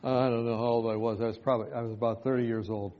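A pastor telling a personal story in a sermon, who laughs often between lines. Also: male voice, mid-range voice, fairly even intonation, rapid-fire, muffled recording.

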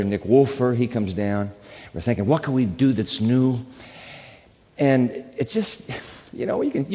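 A man preaching as a pastor, telling a personal story in a conversational, animated way and acting out the dialogue. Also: medium pitch, long reverb tail. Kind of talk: sermon storytelling.

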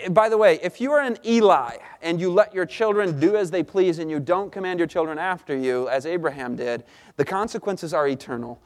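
A man's voice: fairly high pitch, brisk. Earnest man giving a parenting talk. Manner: earnest, anecdotal with joking asides. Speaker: speaker on Christian parenting. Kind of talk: seminar talk.

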